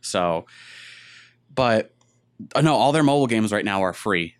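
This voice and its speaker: A man's voice: lowish voice, animated, unhurried, clean tone. A man co-hosting a casual gaming podcast, rambling through stories and acting out what other people said. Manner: rambling storyteller who acts out other people's lines. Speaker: podcast co-host.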